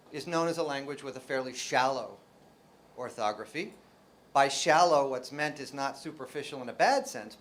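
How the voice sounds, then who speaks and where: Speaking in a mid-range, slightly bright voice, a New Jersey man with an American accent lectures a live audience on linguistics as a professor. He keeps it playful, posing rhetorical questions and pronouncing example words aloud.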